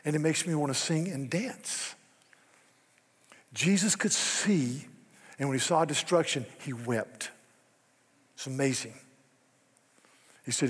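An older man preaching a devotional sermon, moving from quiet reflection to fervent pleading. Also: a little high, slow pace, pauses often, slightly rough, in a large hall.

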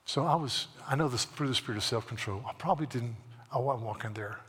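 Male Baptist pastor, husky, folksy storyteller turned emphatic preacher, echoing church sanctuary. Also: medium pitch, fast, fairly bright tone. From South Carolina, USA. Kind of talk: sermon with storytelling. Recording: long reverb of a large hall.

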